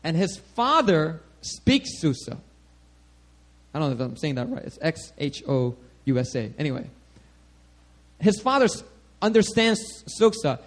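A man with a notably high voice preaching a sermon. He teaches in a loose, animated way. He keeps checking in with the congregation as he goes. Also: a little slow, long pauses. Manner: animated, checks in with "all right?" often.

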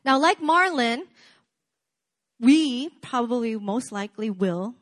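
A woman's voice: on the high side, animated, slow. A woman preaching a sermon in a casual, chatty way, with many fillers and asides to the congregation.

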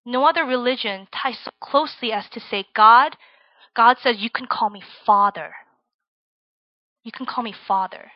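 A woman's voice: on the high side, moderate pace, dry recording. Chatty young woman preaching, dry lo-fi sound. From Virginia, USA. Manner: chatty, tags lines with "right?" and "like". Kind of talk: casual sermon to students.

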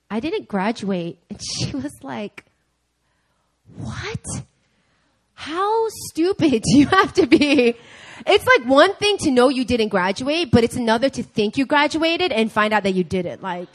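Young woman preacher, lively storyteller who voices each person in her story. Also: medium pitch. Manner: animated storytelling, acting out dialogue in different voices. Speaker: speaker. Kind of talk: sermon storytelling. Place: church.

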